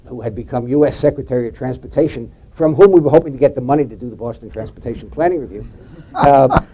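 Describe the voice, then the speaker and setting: Male panelist, mid pitch, anecdotal, raises his voice for quotes. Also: mellow, low-quality recording. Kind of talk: storytelling at a panel forum.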